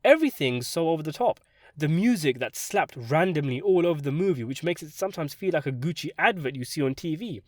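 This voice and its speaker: A male film critic reading his scripted review with sardonic wit, his pitch bouncing all over the place. His voice sits a bit high for a man. It's recorded dry and close, with no echo. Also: a little fast. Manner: sardonic, animated delivery with sudden jumps for emphasis.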